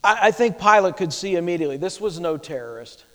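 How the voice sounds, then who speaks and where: A man's voice: high voice, lively intonation, fast talker. A male preacher delivering a sermon, teaching emphatically and asking rhetorical questions. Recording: long hall reverb.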